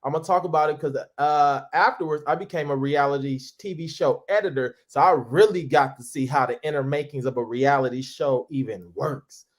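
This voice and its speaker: A man's voice: a little fast, few pauses. A man in his forties from St. Louis, a comedian telling a long story in an interview, acting out other people's voices. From St. Louis, USA. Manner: lively, goofy, acts out quoted voices with big pitch jumps.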